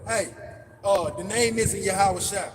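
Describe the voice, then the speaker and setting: A man's voice: high-pitched, steady tone, unhurried. A man leading a casual religious discussion in a preachy way, often repeating his words as he builds a point. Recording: noisy, distant mic.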